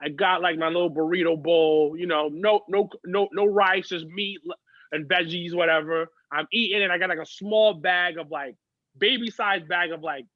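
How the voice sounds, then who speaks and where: A man's voice: sits high, fairly even intonation, normal speed, no room sound, lo-fi sound. A man, a guest on a podcast, telling stories in chatty, profane casual conversation. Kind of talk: casual chat.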